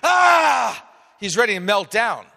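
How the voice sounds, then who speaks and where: A man preaching a sermon as pastor, swinging from soft asides to loud emphatic peaks. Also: on the high side, expressive, measured pace, long reverb tail, some chatter behind.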